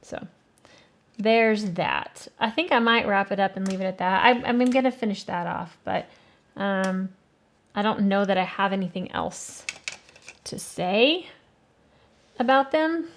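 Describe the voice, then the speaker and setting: A woman's voice: mid-range voice, unhurried, long pauses. A woman hosting an art channel, casually reviewing watercolor paints and thinking aloud with hesitant fillers. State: has the hiccups.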